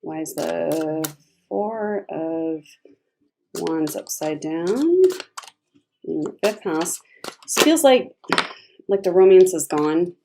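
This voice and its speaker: A woman giving a casual tarot reading, chatty and expressive, laughing often as she talks. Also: low voice, slow pace, vocal fry, long pauses, noisy background. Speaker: tarot reader.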